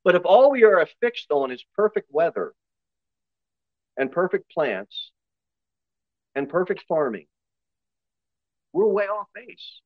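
A man with a Northern US accent, a pastor giving a sermon in a conversational style with quick asides and voiced impressions. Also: high-pitched, big pitch swings, no echo, phone-quality sound. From northern United States.

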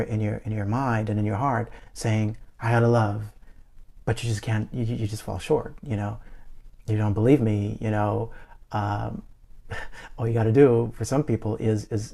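A man's voice: lowish voice, vocal fry, darkish tone. A man preaching a grace sermon in a casual, conversational way, repeating words and tossing in "man" and "you know.".

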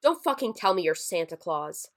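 A woman's voice: on the low side, very animated, normal speed. A woman voicing a grieving, lonely man who talks bluntly and swears. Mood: alarmed.

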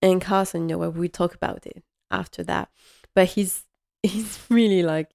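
A woman's voice: on the low side, steady tone, moderate pace, creaky, a little mellow. A woman host chatting casually and enthusiastically through a TV episode recap, rambling with many fillers. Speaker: podcast host.

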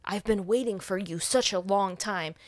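A woman's voice: mid-range voice, moderate pace, no room sound, natural voice. A woman voicing a deranged, badly burnt man who rambles in a pleading, dreamy way about being saved.

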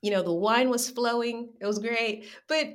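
An American woman in her twenties or thirties chatting candidly in an interview, animated and acting out her own inner voice. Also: fairly high pitch, normal speed. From United States. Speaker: guest. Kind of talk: casual interview chat.

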